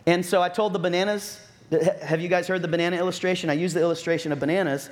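A man preaching a sermon as pastor, telling stories and acting out what people said, with lively asides. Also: sits high, fast. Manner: storytelling with acted-out quotes and lively asides.

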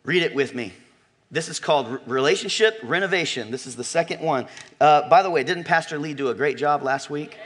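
A man preaching to his church congregation with a bright, slightly high voice. He talks with emphatic swings, dropping to quiet asides, then climbing to near-shouts and stretching out key words. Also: brisk, slightly rough. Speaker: pastor. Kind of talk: sermon. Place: church sanctuary.

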